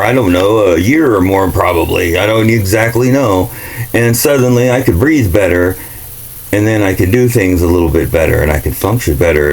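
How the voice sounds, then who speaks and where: Low-voiced man in a profane rant. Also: rough recording. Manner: ranting, profane, sarcastic. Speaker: vlogger. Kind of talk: casual monologue rant.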